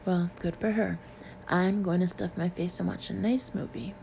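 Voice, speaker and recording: A woman's voice: fairly even intonation, normal speed, gravelly, warm tone, lo-fi sound, slight background noise. A woman reading a first-person novel aloud, lifting her voice for the dialogue. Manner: voices dialogue with lifts in pitch and volume. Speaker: audiobook reader.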